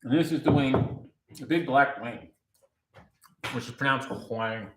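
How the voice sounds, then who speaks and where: A man's voice: medium pitch, measured pace, fairly bright tone. A man hosting a casual livestream from his home garage, rambling and joking while he works and reads the chat aloud. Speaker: livestream host.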